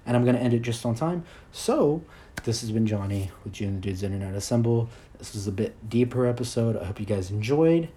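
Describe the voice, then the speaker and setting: Early 20s guy doing a solo podcast, crude rambly self-roasting, kinda mellow voice. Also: medium pitch, lively intonation, brisk. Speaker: podcast host.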